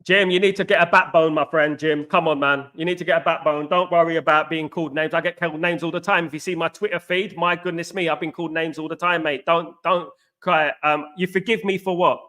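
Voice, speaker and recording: A man's voice: a little high, steady tone, fairly quick, sharp tone. A man from the East End of London with an East London accent, hosting a live fan stream, emphatic and repetitive, calling his viewers mates. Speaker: fan channel host. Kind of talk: live match-day stream chat. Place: home in an apartment complex abroad.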